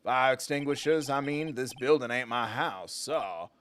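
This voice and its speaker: A man's voice: medium pitch, expressive, a bit bright, a little hiss or hum. A man voicing a laid-back young dude in a video game, with a Southern drawl and an easygoing way of talking. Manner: slow, easygoing, saying dude.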